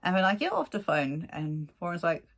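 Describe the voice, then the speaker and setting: A woman's voice: lowish voice, brisk. A woman in her forties casually telling a rambling story to camera, laughing often and acting out what people said. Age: 40s. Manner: rambling, animated, laughs often, acts out quotes. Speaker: vlogger.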